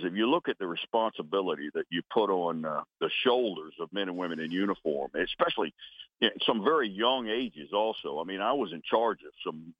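A man in his sixties, a retired military officer, giving earnest, halting interview answers over a phone call and closing each one with "over". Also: low-pitched, no room sound. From United States. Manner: earnest, halting, frequent restarts, says "over" after answers. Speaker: retired Coast Guard vice admiral, guest. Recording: tinny phone line.

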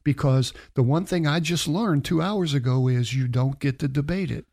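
Gravelly man telling a lively story. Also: fairly high pitch, moderate pace. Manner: animated anecdotal storyteller, acts out quoted dialogue. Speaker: interview guest. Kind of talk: casual storytelling.

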